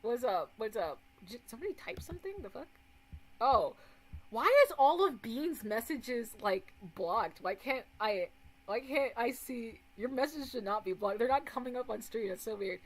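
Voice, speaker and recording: Woman streamer, casual reaction chat, pitch darting up and down, a touch high, lots of swearing and laughter. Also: moderate pace, low-quality recording. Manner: animated, swearing, laughing often.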